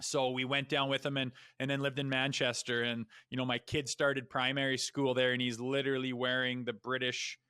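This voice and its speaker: A man's voice: mid-range voice, normal speed, hardly any pauses, clear, resonant tone, dry recording. A man talking as a podcast guest, a retired hockey player telling blunt, profane stories in casual chat. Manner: blunt and profane, with animated asides. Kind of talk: casual storytelling.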